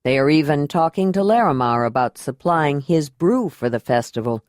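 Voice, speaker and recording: A woman's voice: deep voice, lively intonation, moderate pace, a little mellow, no echo, studio quality. A woman voicing a young man who answers in a hesitant, evasive way.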